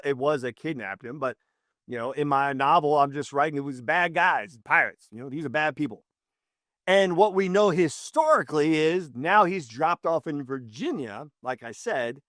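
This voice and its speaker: A man who writes books, telling a story in an enthusiastic, casual way and swinging his voice up high when he quotes people. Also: a bit bright, no echo, clean studio sound. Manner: enthusiastic, with big pitch jumps when quoting people. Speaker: author and storyteller.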